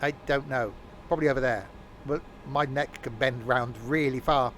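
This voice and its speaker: A man's voice: medium pitch, fairly even intonation, normal speed, fairly bright tone, slight background noise. A man giving live gameplay commentary as a streamer, rambling and joking to himself as he plays. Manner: rambling, jokey talking to himself. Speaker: game streamer.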